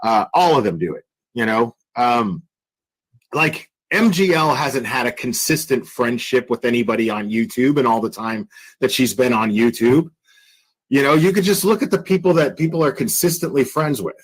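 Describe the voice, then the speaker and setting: A man's voice: mid-range voice, animated, normal speed, husky, rough recording. A man hosts a casual livestream, rambling through his opinions with plenty of fillers. His talk is blunt and crude, and he often circles back to repeat his point. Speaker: commentary channel host.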